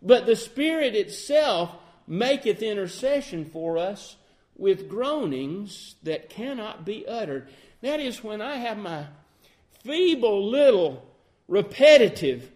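Male preacher, sermon delivery, higher-pitched voice, earnest with emphatic swells and quiet reflective stretches. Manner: earnest, rising to emphatic peaks then quieting to soft reflection; quotes King James scripture in measured cadence.

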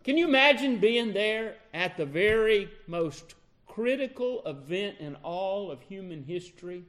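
A male preacher in full sermon mode, retelling a scripture scene with dramatic storytelling and putting pointed questions to his listeners. His voice sits high and moves animatedly, and he takes his time with each phrase. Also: lively intonation, measured pace, a bit bright.

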